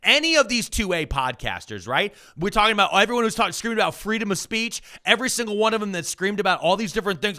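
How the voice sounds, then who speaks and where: Guy ranting hard on a podcast, lots of swearing, highish voice, loud then low muttering. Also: very animated, fast talker, few pauses. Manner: angry, profane, ranting, swings between loud outbursts and low mutters. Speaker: podcast co-host. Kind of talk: heated political rant.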